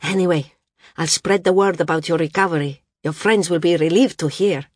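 A woman voicing a brisk, practical woman friend in an audiobook. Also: lowish voice, a little mellow, no room sound, studio quality, natural voice. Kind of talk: audiobook character voice.

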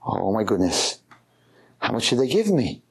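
Husky-voiced rabbi acting out a story, very animated, big swoops in pitch. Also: male voice, moderate pace. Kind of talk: storytelling lecture.

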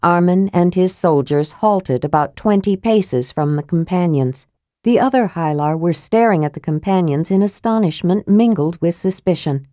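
A woman narrating a fantasy audiobook in a steady, measured reading voice, close to the mic. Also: fairly low pitch, no echo.

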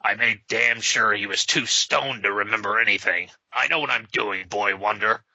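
A man reading aloud and voicing a gruff, contemptuous grown vigilante with curt, scornful lines. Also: lowish voice, moderate pace, bright, forceful tone, no room sound, exaggerated voice. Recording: slightly dull lo-fi sound.

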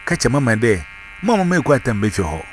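A man's voice: mid-range voice, big pitch swings, fairly quick, a little hiss or hum. A man, telling a story in casual chat and switching between Twi and English. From Ghana.

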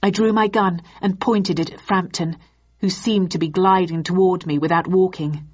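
Woman telling a story in first person, slightly low voice, lo-fi audiobook sound. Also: normal speed, husky. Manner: steady storytelling, voicing characters. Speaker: audiobook narrator. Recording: dull lo-fi audiobook recording.

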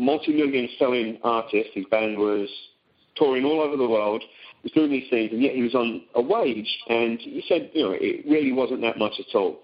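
A middle-aged man speaking on a phone seminar, talking casually with many ums and restarts. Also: medium pitch. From Britain. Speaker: teleseminar guest. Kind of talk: conversational phone seminar talk. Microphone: phone call. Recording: dull lo-fi call audio.

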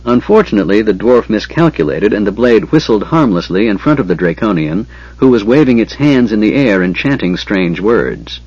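Husky-voiced man narrating a fantasy audiobook. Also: on the low side, sing-song, moderate pace, a little mellow, dry recording, dull audio.

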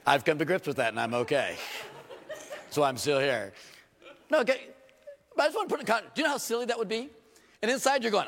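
A man with a twang preaches from the pulpit, his somewhat high voice ringing through a church sanctuary with a long echo. He keeps asking the congregation questions and pokes fun at himself as he goes. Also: quick pace, gravelly, pauses often. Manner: animated preaching with rhetorical questions and self-deprecating humor. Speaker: pastor. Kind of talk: sermon. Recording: long reverb of a church hall.

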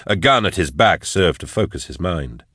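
A man reading a novel aloud as narrator, in a steady, measured storytelling manner. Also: sits low, breathy edge, no room sound, studio quality. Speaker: audiobook narrator. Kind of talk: scripted narration.

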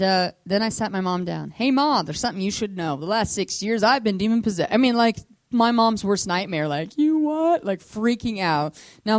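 A woman delivers a casual, animated testimony sermon to a church congregation, her speech packed with fillers like "like" as she acts out the voices of people in her story. Her pitch sits fairly low, and there's no echo.

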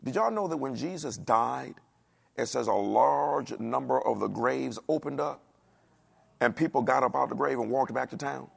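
A man preaching a sermon in a dialect, animated, asking the congregation questions and acting out the voices of the people he quotes. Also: medium pitch, moderate pace, creaky, breathy edge. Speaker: pastor.

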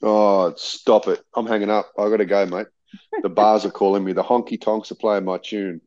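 A man's voice: lowish voice, little pitch movement, moderate pace, a little mellow, no room sound. Australian man on a dull, dry line. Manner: hesitant, many fillers and restarts. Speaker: co-host on the line. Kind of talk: casual sports chat. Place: hotel room.

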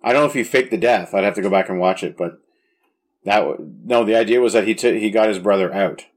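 A man with a fairly low voice talks through an action movie in casual conversation. He's eager and keen, often restarting mid-sentence as he goes. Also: fast.

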